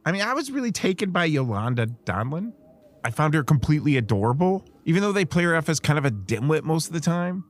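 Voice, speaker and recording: A man with a slightly high, sing-song voice talks fast as co-host of a film-review podcast. His casual chat rambles and hesitates, and he frequently corrects himself.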